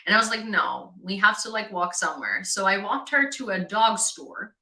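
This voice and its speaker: A woman from Ukraine hosts a casual livestream and tells an everyday story in a loose, chatty way. Her voice is bright and clear, and it sits at a middle pitch. The room around her sounds echoey. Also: expressive, moderate pace. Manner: chatty storytelling, reads out chat comments. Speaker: livestream host.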